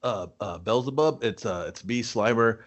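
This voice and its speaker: A man's voice: lowish voice, normal speed, lo-fi sound, close to an everyday voice. A man voicing a sheepish green ghost who mumbles and hesitates as he begs for a way out. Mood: pleading. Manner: mumbling, hesitant, with many uh fillers.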